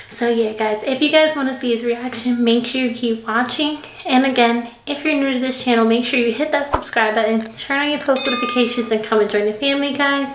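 High-voiced woman in an echoey room. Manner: chatty, fills with "like" and "guys". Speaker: prank channel host. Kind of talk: casual vlog talk and staged argument. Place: at home indoors. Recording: echoey room, mic at a distance, faint noise.

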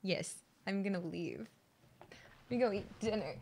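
A woman's voice: mid-range voice, unhurried. A young woman streaming a game live, talking to her chat, frustrated and swearing. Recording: music playing loudly behind.

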